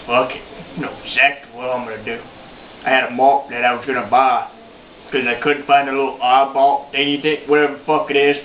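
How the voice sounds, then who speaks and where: A man's voice: mid-range voice, slight background noise, close to an everyday voice. A man playing a foul-mouthed, boastful old redneck in his sixties, telling a rambling, profane story as a comedy monologue. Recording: roomy, dull lo-fi home video.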